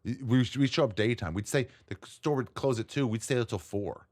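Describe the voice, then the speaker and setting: A man, a comedian guest, telling stories in casual chat, lively and laughing often as he acts out what others said. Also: mid-range voice, fairly quick. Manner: animated storyteller, acts out quotes, laughs often. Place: tent.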